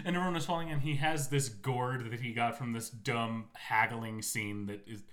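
A young man co-hosting a casual film discussion podcast, retelling scenes with animated energy and jumping into silly high voices for the characters. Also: normal speed. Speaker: podcast co-host.

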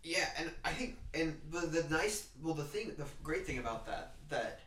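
A man's voice: on the high side, expressive, normal speed, fairly bright tone, slight background noise. A young man co-hosting a podcast in casual chat, rambling and restarting his sentences. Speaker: podcast co-host. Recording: roomy, distant mic.

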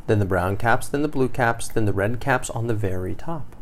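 A woman reading a picture book aloud to a child, patient and gently expressive. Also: rumbling low, moderate pace, a little hiss or hum.

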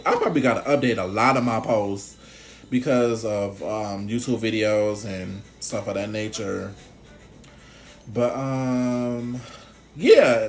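A man chatting casually on his vlog, animated, swearing freely and laughing often. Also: fairly low pitch. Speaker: blogger.

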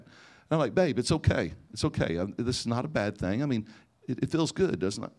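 A man's voice: fairly low pitch, expressive, brisk, a little mellow. A man preaching a sermon, telling personal stories and acting out conversations with frequent restarts. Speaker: pastor.

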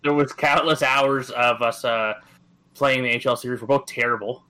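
A man in his thirties from Atlantic Canada co-hosts a gaming podcast, chatting in an easygoing way with many fillers and restarts. His medium-pitched voice is bright and forceful, with fairly even intonation at a moderate pace. The recording quality is low.

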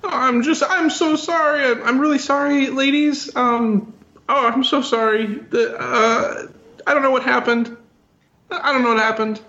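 A man's voice: very high voice, steady tone, unhurried, sharp tone, echoey room, voice pushed up, full character voice. A man voicing a nervous, over-apologetic bullied teenage boy in a tabletop game. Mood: panicked apology. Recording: dull lo-fi recording.

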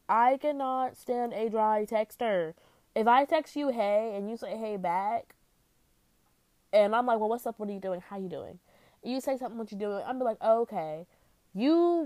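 A woman's voice: mid-range voice, a little mellow, no echo. Blunt, profane young woman vlogging. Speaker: vlogger giving dating advice. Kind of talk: casual vlog monologue.

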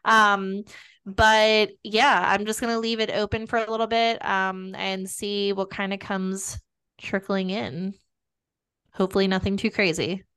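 A woman's voice: mid-range voice, flat delivery, unhurried, fairly bright tone, clear, resonant tone. A woman hosting a podcast, bubbly and casual, often saying "like". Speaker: podcast host.

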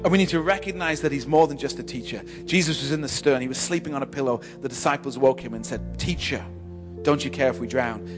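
A male preacher with a noticeably high voice delivers a sermon in a church. He builds phrases by repeating them, stumbles over restarts, and moves from loud urging to hushed, slow intimacy, while soft music plays faintly behind him.

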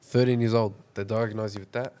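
A man's voice: fairly low pitch, little pitch movement, brisk, dark tone. A man interviewing a guest in casual chat, asking short incredulous questions.

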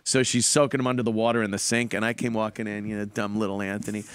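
A man's voice: lowish voice, flat delivery, quick pace, smooth, dry recording. Crude, profane man telling stories. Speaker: podcast host. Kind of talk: casual chat.

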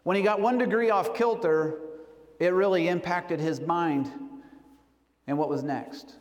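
A man preaching a sermon, telling a story earnestly and slowing down for emphasis. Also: sits high. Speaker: pastor. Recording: long hall reverb.

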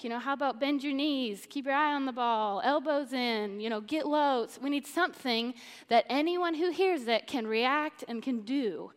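A woman's voice: high voice, moderate pace. A woman from Missouri giving an enthusiastic, earnest Bible teaching from a church stage. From Missouri, USA. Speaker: church speaker. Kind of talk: sermon-style Bible teaching. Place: church auditorium. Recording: long church-hall reverb.

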